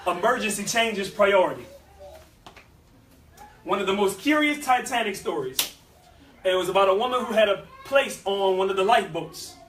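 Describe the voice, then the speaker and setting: Brief: a high-pitched New man with a lively, folksy preaching style, recorded from a distance in an echoey room. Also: normal speed, pauses often. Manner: animated, folksy, with vernacular asides and repeats. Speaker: speaker at a youth life-skills session. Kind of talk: motivational talk with preaching flavor.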